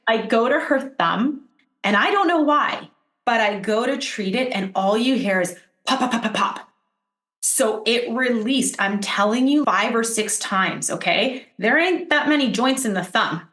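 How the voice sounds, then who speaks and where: Speaking a little slowly in a voice on the high side, this intuitive healer is a guest on a podcast, telling animated stories in casual conversation and acting out people's words. The recording has a roomy sound.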